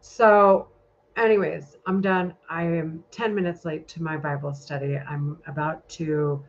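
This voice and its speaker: A woman's voice: low voice, fairly even intonation, a little slow, slight background noise. A woman talking in a casual vlog monologue, rambling and heated, with a lot of swearing. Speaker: vlogger. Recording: muffled lo-fi recording.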